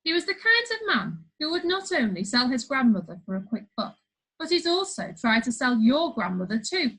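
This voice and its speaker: Lively woman reading a children's story. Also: high-pitched, normal speed, breathy edge, low-quality recording. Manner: lively, playful storytelling with asides. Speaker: storybook reader.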